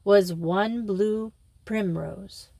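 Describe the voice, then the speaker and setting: A woman voicing a gruff retired colonel who speaks in clipped, brisk phrases. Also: medium pitch, mellow, no echo, full character voice. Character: gruff retired colonel, fond of ghost stories.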